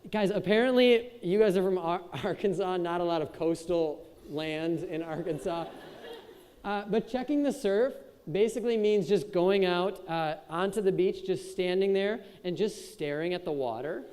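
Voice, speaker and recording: A man's voice: high voice, moderate pace, darkish tone. A young man in his twenties from Wisconsin giving a casual, joking motivational speech to a youth crowd and chatting with the audience. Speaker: keynote speaker. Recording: echoey hall with long reverb.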